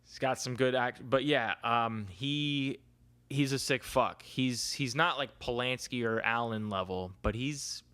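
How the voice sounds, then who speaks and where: A man's voice: medium pitch, a little slow, sharp tone, clear, resonant tone. A young man hosting a solo podcast, talking in a crude, rambling, casual way and swearing often. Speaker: podcast host.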